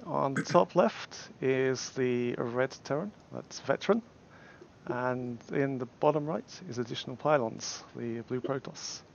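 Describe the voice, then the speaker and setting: A man's voice: mid-range voice, a little slow, vocal fry, lo-fi sound, a little hiss or hum. A man with an English accent casting a game tournament casually, hesitant, with many fillers and restarts. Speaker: tournament caster.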